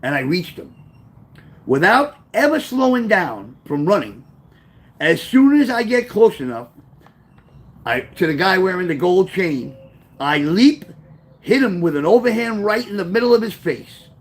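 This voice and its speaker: A man reading his own memoir aloud, telling the story with lively, offhand asides. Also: high-pitched, unhurried. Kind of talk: first-person memoir storytelling.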